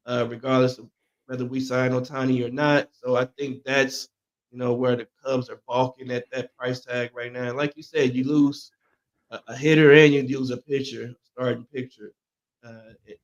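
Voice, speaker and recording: Dude co-hosting sports talk, relaxed, lots of you know, kinda dull lo-fi sound. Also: male voice, medium pitch.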